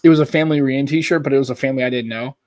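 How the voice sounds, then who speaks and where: A man's voice: medium pitch, steady tone, racing, darkish tone, no room sound. A man from the United States co-hosting a live podcast, chatting casually and rambling through stories. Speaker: podcast co-host. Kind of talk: casual chat.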